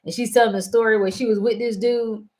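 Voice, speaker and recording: A woman hosting a casual talk show, animated and prone to laughing and wandering into stories. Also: a little high, fast talker. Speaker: host. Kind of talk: casual chat.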